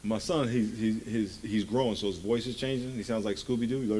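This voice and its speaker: A man's voice: on the low side, fairly even intonation, fairly quick, few pauses, warm tone. A man in his forties preaching a conversational sermon in a church, joking and firing rhetorical questions at the congregation.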